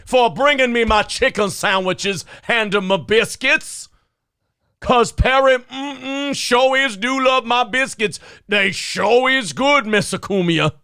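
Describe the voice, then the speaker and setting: A man putting on an exaggerated, fawning southern drawl, speaking slowly in broken grammar. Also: extremely high pitch, sharp tone, clean tone, dry recording, clean studio sound, voice pushed up, exaggerated voice. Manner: slow, overdone drawl with ungrammatical speech.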